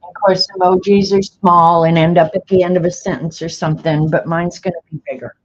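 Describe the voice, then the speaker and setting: Chatting away while she draws, this middle-aged livestream host speaks a little fast in a lowish voice with little pitch movement. She mutters to herself as she works, and the recording is dull, lo-fi stream audio.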